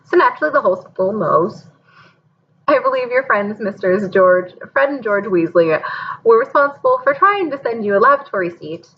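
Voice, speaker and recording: A woman reading aloud, voicing a calm, kindly old male headmaster with a gentle, wry, measured manner. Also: on the high side, highs cut off.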